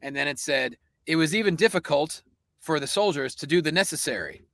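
A man's voice: on the high side, lively intonation, a little fast, a bit bright, no echo. A man from Pennsylvania co-hosting a casual comedy podcast, telling rambling stories and laughing often. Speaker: podcast co-host.

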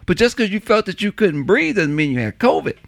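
Man, gravelly, very lively delivery, plays out both sides of a conversation. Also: sits high, a little fast, no echo. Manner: animated, acts out both sides of a phone call with big voice swings. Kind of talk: casual storytelling chat.

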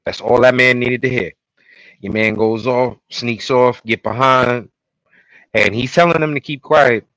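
A man co-hosting a casual podcast, retelling TV episode scenes in an animated way and acting out the lines. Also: mid-range voice, measured pace, dry recording, poor audio. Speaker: podcast co-host. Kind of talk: casual recap chat.

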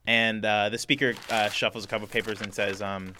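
A man narrating a tabletop role-playing game as game master, halting often with fillers and slipping into character voices. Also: fairly low pitch, flat delivery, sharp tone, a little hiss or hum.

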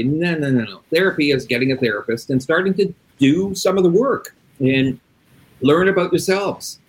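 A man's voice: a little high, moderate pace, rough recording. Blunt, profane middle-aged man. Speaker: addiction interventionist. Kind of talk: casual interview talk.

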